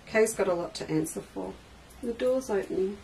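A woman's voice: mid-range voice, normal speed, creaky, a little mellow. A woman hosting a live crafting demonstration, chatting with viewers and reading their comments aloud as she works. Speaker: quilting shop host. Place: craft studio indoors. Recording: distant mic with faint noise.

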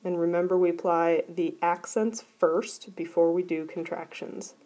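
Woman teacher, methodical lesson delivery, warm low voice. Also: level tone, measured pace. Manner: clear, methodical explaining. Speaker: Greek teacher. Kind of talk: recorded grammar lesson.

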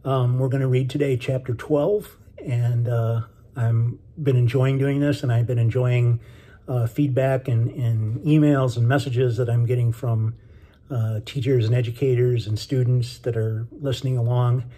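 A man's voice: mid-range voice, unhurried. A middle-aged man, an author, chatting casually with many ums before reading his book aloud. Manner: relaxed and friendly, many ums and uhs.

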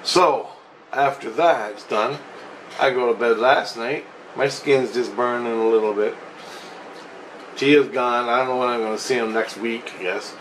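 A man's voice: mid-range voice, a little slow, a bit bright, a little hiss or hum, rough recording. A man telling a personal story in a rambling, agitated, profane way, restarting often. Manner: profane, agitated, restless retelling with frequent restarts.

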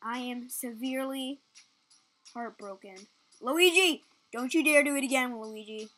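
A young woman giving excitable, casual commentary while playing a game, yelping at near misses. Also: high voice, unhurried. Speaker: gaming channel host.

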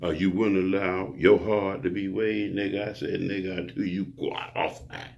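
A man's voice: low voice, flat delivery, normal speed, gravelly, a little mellow. A man preaching a rambling monologue to his viewers, grandiose and profane, lecturing the listener. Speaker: self-styled preacher.

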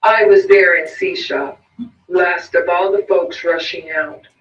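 A man's voice: sits high, fairly even intonation, a little slow, a bit bright. A man doing a whining blind peddler. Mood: bitter. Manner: whining, pleading, rising to frantic cries. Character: bitter blind male peddler, begging, self-pitying. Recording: roomy, distant, muffled recording.

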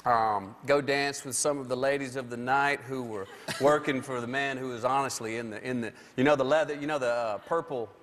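A man's voice: mid-range voice, fairly even intonation, fairly quick, fairly bright tone. A man, a late-night talk show guest telling a long story, drawling and acting out other people's lines as he goes. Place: television studio stage. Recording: studio hall reverb with faint noise.

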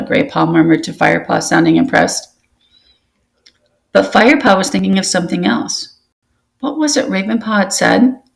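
A woman reading a children's novel aloud to her students, slow and careful, with small restarts. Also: mid-range voice, creaky. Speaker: teacher reading to a book club.

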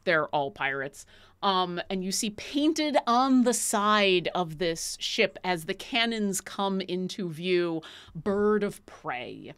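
A woman narrating as dungeon master of a tabletop game, with lively, playful scene-setting. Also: lowish voice, slow pace, clean tone.

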